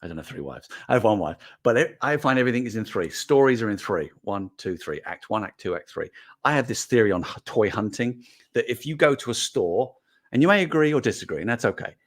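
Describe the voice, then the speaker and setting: Chatty middle-aged man, lowish voice. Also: quick pace. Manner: animated, rambling storyteller. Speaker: host. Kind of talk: casual livestream chat reading comments.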